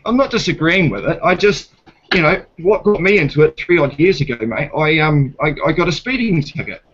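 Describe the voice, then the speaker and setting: A man's voice: fairly high pitch, lively intonation, a little fast, a bit bright, breathy edge, dull audio. A man with a New Zealand accent talking in a casual debate, blunt and swearing, retelling a police stop and playing both sides of it. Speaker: guest.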